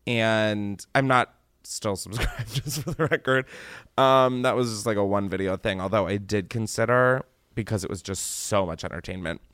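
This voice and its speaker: Guy hosting a podcast, chatty and jokey, loud squeals then low mumbles, dry close sound. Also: normal speed, smooth, no echo. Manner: animated, jokey, swings between loud squeals and low mutters. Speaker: podcast host. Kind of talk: casual chat.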